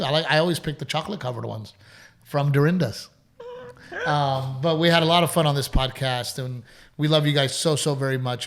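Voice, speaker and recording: Rambling, easygoing podcast host man. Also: mid-range voice. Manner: relaxed, rambling storyteller with laughs. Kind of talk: casual chat.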